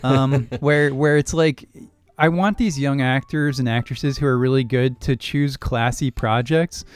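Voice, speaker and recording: A young man co-hosting a casual movie podcast, opinionated and quick to laugh. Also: medium pitch, fairly even intonation, smooth. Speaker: podcast co-host.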